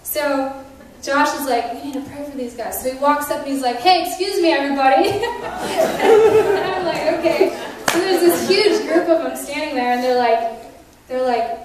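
High-voiced woman sharing testimonies. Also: normal speed, noisy background. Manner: animated retelling with quoted dialogue, laughs between lines. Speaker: conference speaker sharing testimonies. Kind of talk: testimony storytelling. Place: large conference hall. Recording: echoey hall, voice from a distance.

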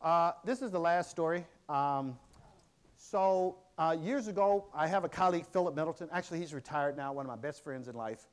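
A middle-aged man giving a public lecture, telling a story in a conversational, halting way with many restarts and fillers. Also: on the high side, clear, resonant tone.

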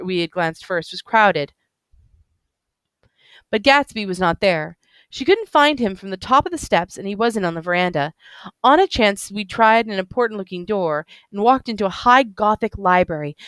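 A woman's voice: medium pitch, clean tone, no echo. A woman teacher reading a novel aloud to her class and explaining it, often stumbling over words and apologizing.

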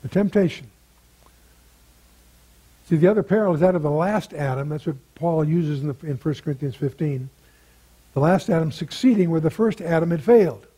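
An older male Bible teacher with a husky, mellow voice, pitched a little high for a man. He works through the text verse by verse in a relaxed, conversational way, posing questions and answering them himself. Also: a little fast, long pauses, poor audio. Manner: conversational, asks rhetorical questions.

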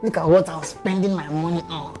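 A man acting out a love-struck Nigerian husband who stutters and begs his wife in a soft, halting voice. Music plays clearly behind him. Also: fairly high pitch, fairly even intonation, close to an everyday voice. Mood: doting. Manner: stammering, pleading, doting. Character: besotted hen-pecked husband, soft and begging. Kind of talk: Nollywood movie acting. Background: background music.

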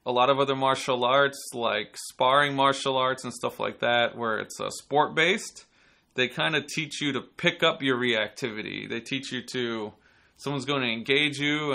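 A man hosting a podcast and giving casual self-defense instruction, relaxed and chatty, sometimes acting out angry people. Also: medium pitch, vocal fry. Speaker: podcast host and martial arts instructor.

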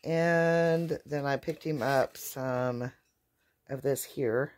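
A woman's voice: very deep voice, drawn-out words, background noise. A woman chatting casually at home into her phone camera, rambling and hesitant with many fillers and restarts. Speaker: vlogger caring for her dogs. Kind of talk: casual home vlog chat.

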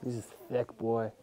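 A man's voice: medium pitch, dark tone. A young man, a hockey player, chatting casually at an animal shelter, playful and laughing, cooing at the animals in a lapel mic. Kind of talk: casual chat while petting shelter animals.

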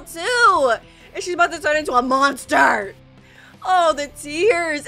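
An excitable woman commenting on an animation, crying out at shocks and throwing in mocking asides. Her voice sits high and swings widely, with a sharp, bright edge. Soft music plays underneath. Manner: excitable, gasping and crying out at twists; mocks characters in quick voiced asides. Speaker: reaction video host.

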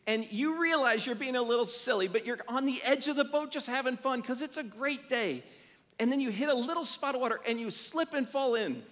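Man, pastor, sermon, high voice, animated storytelling, long church reverb. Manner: animated storytelling with acted-out quotes. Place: church sanctuary.

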